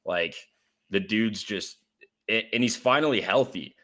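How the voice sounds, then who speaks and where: A man's voice: fairly low pitch, expressive, a little slow, pushed and bright. A man co-hosting a casual sports podcast, earnest and rambling with many fillers. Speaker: podcast co-host.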